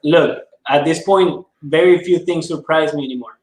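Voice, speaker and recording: A man's voice: fairly high pitch, normal speed, reverberant, rough recording. A man co-hosting a casual livestream interview, teasing and easygoing as he asks questions. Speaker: co-host.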